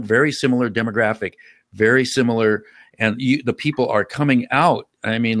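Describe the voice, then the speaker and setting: A man's voice: on the low side, a bit bright, dry recording. Hesitant earnest man, dry sound. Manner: hesitant, many fillers and restarts, earnest. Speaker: panelist. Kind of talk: casual political chat.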